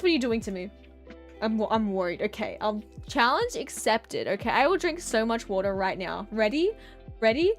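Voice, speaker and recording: Young woman artist-streamer, high-pitched and giggly, playful melodramatic chatter. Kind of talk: casual stream chat while drawing.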